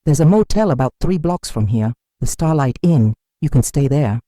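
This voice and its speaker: A numb, cold grown son speaks in flat, clipped phrases, read by a woman. His bitterness shows through a mellow tone. The sound is close and dry, with no room around it. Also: medium pitch, moderate pace, dry recording, lightly acted. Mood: dismissive.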